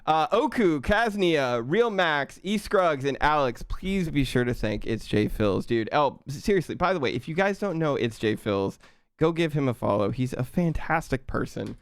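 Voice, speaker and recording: A young man hosting a live stream, thanking viewers in an excitable way, laughing and stumbling over his words, out of breath. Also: fairly high pitch, normal speed, clear, resonant tone, dry recording, studio quality. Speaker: livestream host.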